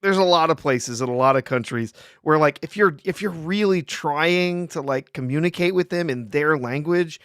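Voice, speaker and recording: A man in casual podcast chat who laughs often and talks haltingly, correcting himself. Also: on the high side, a bit bright, clear, resonant tone, no room sound, studio quality. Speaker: co-host.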